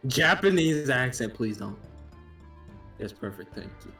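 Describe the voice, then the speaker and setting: A man's voice: mid-range voice, sing-song, unhurried, bright, forceful tone, far from the mic, faint music behind. A man chatting casually while playing a game with friends, teasing and joking. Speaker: co-player.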